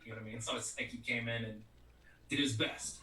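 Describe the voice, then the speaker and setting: A man's voice: medium pitch, fairly even intonation, fast, sharp tone, a little hiss or hum. A middle-aged man, a voice actor being interviewed, chatting casually and rambling with lots of "you know what I mean". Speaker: voice actor guest. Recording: echoey, distant mic, faint music.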